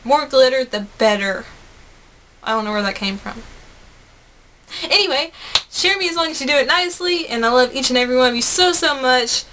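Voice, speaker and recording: Bubbly young woman with a bright voice. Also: sits high, lively intonation, a little fast, a little hiss or hum. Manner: chatty and bubbly, rambling with laughs and asides. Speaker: gaming vlogger. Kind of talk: casual chat to camera.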